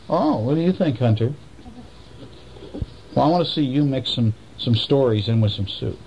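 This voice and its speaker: A father reads a bedtime story to his kids at home, gentle and chatty, asking them questions as he goes. His voice is gravelly and lively in pitch, with a faint hiss behind it. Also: normal speed, pauses often, low-quality recording. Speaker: father reading to his children.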